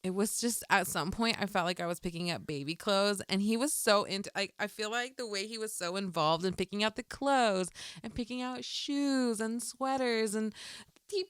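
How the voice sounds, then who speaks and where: A woman's voice: medium pitch, normal speed, clear, resonant tone, dry recording, studio quality. A young woman co-hosting a podcast, telling chatty personal stories in casual talk with plenty of swearing. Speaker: podcast co-host. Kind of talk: casual chat.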